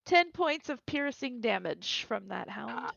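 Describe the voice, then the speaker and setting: Gravelly woman game master. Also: on the high side, sing-song, measured pace, a bit bright, no room sound. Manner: laughs easily, narrates monster moves. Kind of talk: running a tabletop game. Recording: dull lo-fi recording.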